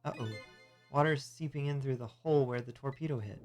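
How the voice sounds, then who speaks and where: A man's voice: medium pitch, brisk, a little mellow. A man streaming a game, reading its dialogue aloud in a plain, easygoing way with joking asides. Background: game music.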